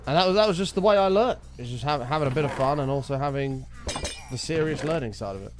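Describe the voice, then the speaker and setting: A man talking over his gameplay in a loose, rambling way, dropping swear words as he goes. His pitch swings up and down a lot, and faint music plays underneath. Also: lively intonation, fast talker. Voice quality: chatty, rambling, sweary storytelling. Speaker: streamer. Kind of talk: casual gameplay chat.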